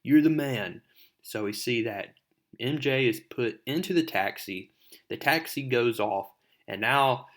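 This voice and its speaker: Casting note: an easygoing man recapping a comic, chatty and filler-heavy. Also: medium pitch. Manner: rambling, filler-heavy retelling. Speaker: comic book reviewer.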